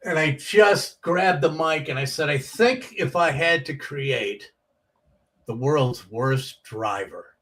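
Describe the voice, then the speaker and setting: A comedian telling animated stories from his years on the comedy circuit, acting out the voices of people in them. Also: a little high, slow pace, distant mic, low-quality recording. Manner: animated storyteller, acts out quoted voices. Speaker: comedian guest. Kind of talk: casual storytelling.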